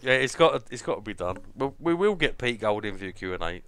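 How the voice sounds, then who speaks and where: A man's voice: medium pitch, very animated, fast talker, fairly bright tone. A man hosting a casual chat, swearing freely and laughing a lot. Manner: swearing, laughing, bursts into mock accents. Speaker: podcast host. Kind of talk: casual chat with jokey put-on voices.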